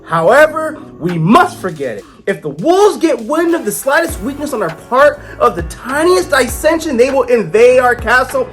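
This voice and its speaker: A man's voice: very high-pitched, sing-song, normal speed, few pauses, a bit bright, soft background music, voice pushed up, heavily acted. A man voicing a pompous male bull who rules a castle, speaking in a put-on accent with a speechifying manner. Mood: orating.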